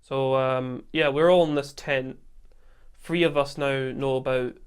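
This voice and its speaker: A man with a Scottish accent, hosting a podcast and telling a camping story in a casual, animated way, acting out quotes and laughing often. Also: medium pitch, a little slow, smooth. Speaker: podcast host.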